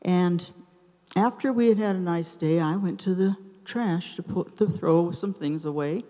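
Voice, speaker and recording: Woman, 70s, live storyteller onstage: warm, low-set, very slow delivery with pauses, reverberant theater sound. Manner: unhurried, with dramatic pauses between short phrases. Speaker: open mic storyteller. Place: theater stage.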